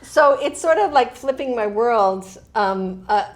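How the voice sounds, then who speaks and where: A middle-aged woman author speaks casually in an interview, animated and laughing often while restarting her sentences. Her voice is on the high side and she talks a little slowly.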